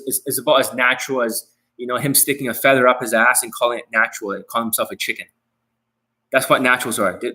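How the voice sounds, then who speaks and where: A man's voice: mid-range voice, sharp tone, poor audio. Blunt, profane male dating coach. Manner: blunt and profane, speaking straight to viewers; repetitive, says key phrases again. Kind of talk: live-streamed coaching talk.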